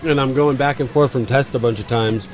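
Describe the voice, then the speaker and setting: A man's voice: medium pitch, fairly even intonation, a little fast, over music. A man co-hosting a podcast, telling a story in a rambling, profane, punchy way. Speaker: podcast co-host. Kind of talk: casual storytelling.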